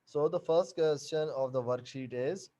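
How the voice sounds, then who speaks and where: A man teaching an online class over a video call, explaining slowly and repeating each point and question. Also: fairly high pitch, warm tone.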